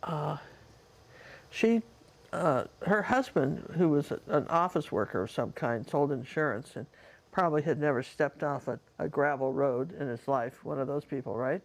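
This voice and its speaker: Woman, casual storytelling, rambling and chatty, gravelly voice. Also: low voice, normal speed. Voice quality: rambling, chatty, full of restarts and asides. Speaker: painting teacher and storyteller.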